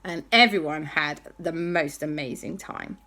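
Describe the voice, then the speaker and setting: A woman telling an animated, playful bedtime story. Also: low voice, measured pace.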